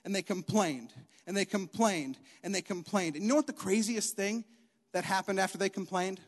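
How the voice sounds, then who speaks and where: High-voiced young preacher in a reverberant hall. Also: male voice, moderate pace. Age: young adult. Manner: animated, emphatic, repeats key lines. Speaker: youth preacher. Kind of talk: sermon.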